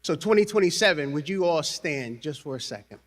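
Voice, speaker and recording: A man's voice: fairly high pitch, animated, fairly quick. A man giving a convocation speech as university president, rousing the crowd and leading call and response.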